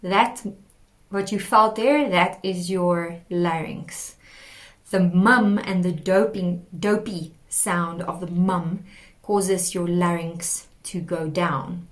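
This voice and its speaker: A woman teaching a singing lesson, explaining patiently and demonstrating sung warm-up exercises. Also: lowish voice, steady tone, slow pace. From South Africa. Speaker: vocal coach.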